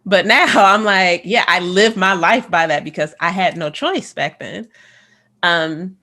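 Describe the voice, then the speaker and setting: A woman and teacher on a podcast chatting casually, lively with frequent laughs and quick asides. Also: on the low side. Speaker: podcast co-host, music teacher.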